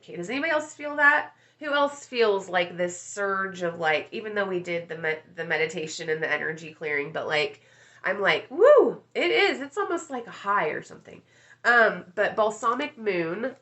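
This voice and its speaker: A woman hosts a relaxed live coaching session, talking in a loose, rambling way and calling out viewers by name. Her voice is bright and forward, sitting at an ordinary middle pitch. She swears offhandedly as she chats. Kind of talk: casual live-stream chat.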